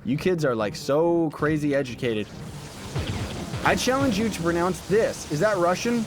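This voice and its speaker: A young male game streamer with a slightly higher voice, playful and joking as he answers chat questions aloud. Game music plays clearly underneath him. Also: lively intonation, moderate pace. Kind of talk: casual livestream chat. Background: game background music.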